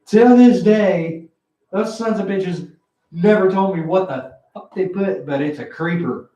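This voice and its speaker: At a poker game, a man tells a long story in casual chat, swearing freely and animatedly acting out what his friends said. His voice sits high and a little slow. He is away from the mic, and the recording has a roomy echo.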